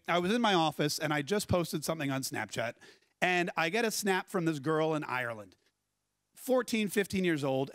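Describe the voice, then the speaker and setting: Male conference speaker, high-pitched and lively, with a dry, close sound, chatty and engaging. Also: no room sound. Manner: animated, conversational storytelling with audience questions. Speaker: keynote speaker. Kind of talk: conference keynote talk. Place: conference stage.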